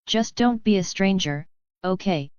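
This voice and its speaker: A shy blue-furred young man with a tail, halting over his words, voiced by a woman. The voice is smooth, and the recording is dry and dull. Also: medium pitch, lively intonation, darkish tone, no echo, lightly acted. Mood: nervous. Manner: hesitant, halting.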